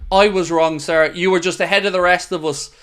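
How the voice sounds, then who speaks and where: High smooth voice, guy doing a live footy watchalong, hyped and blunt, swears a lot. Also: brisk. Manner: excitable, blunt, swears freely. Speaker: host of a fan watchalong. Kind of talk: live football watchalong commentary.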